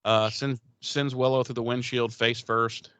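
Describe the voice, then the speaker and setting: Man co-hosting a podcast, rambling recap, swears freely, mid pitch, dry close sound. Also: level tone, measured pace, a bit bright, clean tone, no echo. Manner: rambling, swearing, acts out characters' lines. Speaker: podcast co-host. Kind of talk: casual episode recap chat.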